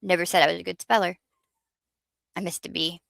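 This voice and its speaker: Chatty woman with a bright, gravelly voice. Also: fairly low pitch, expressive, quick pace, dry recording. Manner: rambling, chatty, self-mocking. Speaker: livestream host. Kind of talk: casual livestream chat with viewers.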